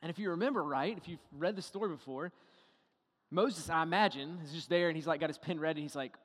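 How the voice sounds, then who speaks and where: A man preaching a sermon, animated, firing rhetorical questions and acting out little dialogues. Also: fairly high pitch, quick pace, long reverb tail. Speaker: pastor.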